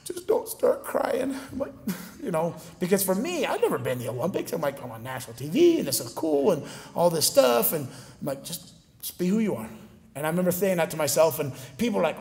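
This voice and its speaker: A man giving a storytelling speech to a live audience, animated and acting out the voices of people he quotes. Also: on the high side, gravelly. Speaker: motivational speaker. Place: large gymnasium. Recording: long hall reverb.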